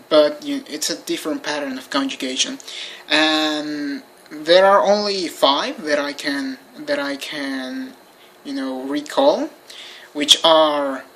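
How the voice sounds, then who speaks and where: A language teacher talks through a lesson indoors with a bright, forceful tone. The delivery is patient and repetitive, and word endings are spelled out one letter at a time. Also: medium pitch, slight background noise. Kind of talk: informal recorded lesson. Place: indoors by a window.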